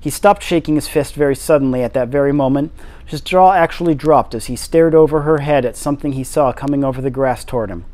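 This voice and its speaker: A man reading a classic novel aloud, steady with occasional slips. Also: mid-range voice, fast talker. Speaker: reader.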